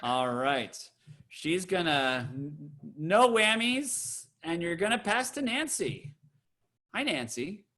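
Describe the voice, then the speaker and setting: A man, a cantor, teaching a Torah trope class over a video call, explaining and then chanting words slowly. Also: on the high side, big pitch swings, bright, forceful tone. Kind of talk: online Torah trope lesson.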